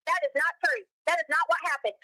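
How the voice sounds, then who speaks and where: A woman in a heated phone argument, answering curtly and defensively and complaining that she is being yelled at. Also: high voice, fast talker, no room sound, low-quality recording.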